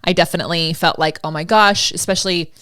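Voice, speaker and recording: Woman host, 40s, lowish smooth voice, candid and chatty. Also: steady tone, quick pace, a bit bright. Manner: candid, chatty, laughs easily. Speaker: podcast host, Pilates instructor. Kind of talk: casual conversational interview.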